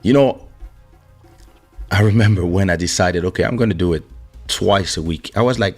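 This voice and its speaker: A male podcast host in a casual live-stream chat, hoarse after losing his voice, greeting viewers by name. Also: sits low, moderate pace, long pauses, soft background music. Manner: greets viewers by name, warm shout-outs. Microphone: studio microphone.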